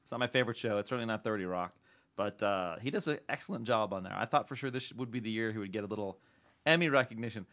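A man's voice: on the low side, fast, a bit bright. A man hosting a casual podcast, joking and laughing often with his co-hosts. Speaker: podcast host. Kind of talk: casual chat.

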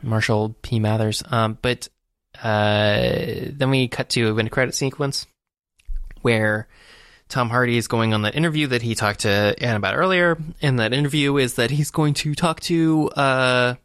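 A man's voice: medium pitch, moderate pace, a bit bright, clear, resonant tone, no room sound, studio quality. A man co-hosting a podcast, casually retelling a movie's plot in a rambling way, full of uhs and restarts. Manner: rambling, filler-heavy storytelling. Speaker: podcast co-host. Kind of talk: casual movie recap chat.

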